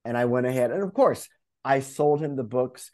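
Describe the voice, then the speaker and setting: A man who coaches and speaks in public, telling a story as an interview guest, animated and acting out his inner voice, with many restarts. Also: mid-range voice, fairly quick. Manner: animated, acts out inner dialogue.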